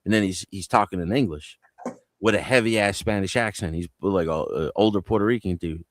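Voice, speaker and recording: A man's voice: deep voice, fairly quick, no room sound. A man from New Jersey on a live panel, telling loose stories full of street slang and swearing. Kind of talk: casual live panel chat.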